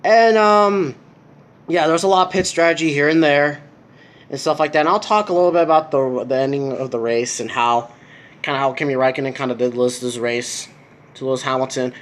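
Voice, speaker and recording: A man's voice: mid-range voice, brisk, a bit bright. A young American man giving a casual, rambling race review, full of fillers and restarts, in a room at home. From United States. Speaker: vlogger. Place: indoor room with a TV.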